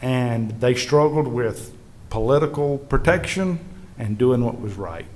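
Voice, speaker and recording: Measured in pace and medium in pitch, this man is a state legislative leader recounting earnest stories live to a history panel audience. He animates them by acting out colleagues' lines.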